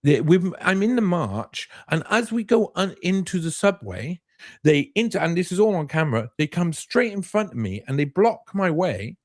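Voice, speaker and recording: A man speaking as a guest journalist, recounting what happened in an animated, halting way with constant restarts. His pitch leaps and dips all through the telling. The sound is dry, with no room around it. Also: no room sound. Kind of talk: casual storytelling.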